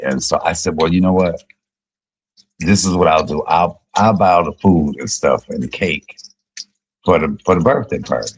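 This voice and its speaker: A middle-aged man, a comedian, telling profane, joking stories on a casual livestream and jumping high in pitch when he quotes people. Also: a little hiss or hum, low-quality recording. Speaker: comedian and YouTube cook.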